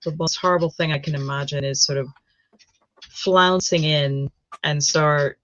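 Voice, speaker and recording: A woman's voice: sits low, steady tone, a little slow, a bit bright, highs cut off. American woman, casual hesitant chat. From United States. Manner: hesitant, many ums and restarts.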